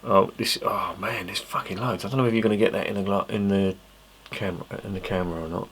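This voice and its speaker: Deep-voiced English man, chatty beer vlogger. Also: fairly even intonation, fast talker, slightly rough. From England. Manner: chatty, swears freely, self-mocking asides. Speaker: beer reviewer. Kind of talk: casual rambling tasting review.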